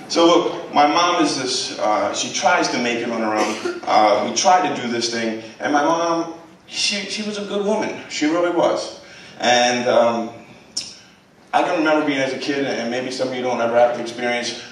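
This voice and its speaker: A man in his thirties telling his life story to a theater audience in a blunt, profane, chatty way, often checking in with the crowd. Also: mid-range voice. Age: 30s. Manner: blunt, profane, conversational, keeps checking in with "right?". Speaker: guest speaker. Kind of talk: storytelling talk to a live audience. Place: large college theater, in front of a full house. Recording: very echoey theater, distant mic, faint hiss.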